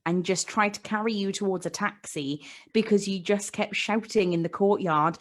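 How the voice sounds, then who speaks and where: Woman, mid-pitched voice, teasing storyteller, casual chat. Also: moderate pace, hardly any pauses. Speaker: podcast co-host. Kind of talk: casual chat on a live stream.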